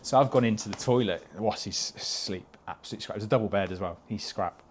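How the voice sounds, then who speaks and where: Swearing bloke telling stories. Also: male voice, fairly low pitch, fast talker, a little hiss or hum. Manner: swears freely, laughs through his stories. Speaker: podcast guest, stock car racing driver. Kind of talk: casual anecdote telling.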